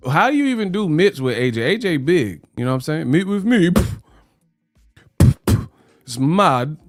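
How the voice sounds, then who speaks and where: A man's voice: on the high side, big pitch swings, fairly quick, no echo, studio quality, faint music behind. A man hosting a live boxing talk stream in loose, slangy, joking chat, drifting into mock British voices. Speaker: host. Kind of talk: casual livestream chat.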